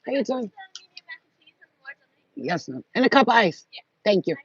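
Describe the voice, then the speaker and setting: A woman's voice: medium pitch, very animated, a little slow, breathy edge, dry recording. A woman vlogger talking in a blunt, profane, rambling casual monologue. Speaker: spiritual vlogger. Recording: dull lo-fi audio.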